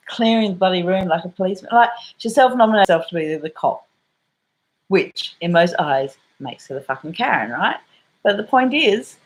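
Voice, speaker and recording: A woman's voice: fairly low pitch, low-quality recording. An Australian woman telling a story in a casual vlog, rambling and swearing and full of fillers. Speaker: vlogger.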